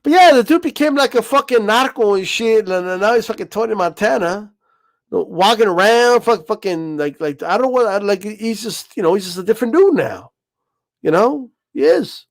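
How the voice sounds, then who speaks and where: High-voiced man ranting, dry sound. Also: lively intonation, moderate pace, vocal fry, dry recording. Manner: profane, rambling, keeps asking "you know what I mean". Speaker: boxing livestream host. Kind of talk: casual rant.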